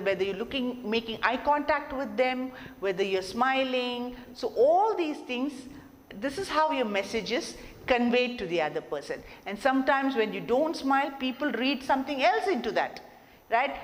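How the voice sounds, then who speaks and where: A woman giving a classroom lecture on communication, explaining and repeating her points and asking rhetorical questions. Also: a little high. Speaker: college lecturer. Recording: long reverb, faint background noise.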